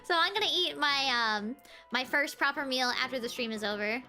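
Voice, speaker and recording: A woman's voice: high-pitched, expressive, fairly quick, bright, forceful tone, soft background music. A young woman from the southern United States streaming, chatting casually with giggles. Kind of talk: casual chat.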